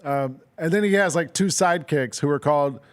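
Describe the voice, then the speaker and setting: Speaking briskly in a slightly high voice, this sports radio co-host rambles through stories on a laid-back talk show. He sounds amused and leans heavily on "like" and "um."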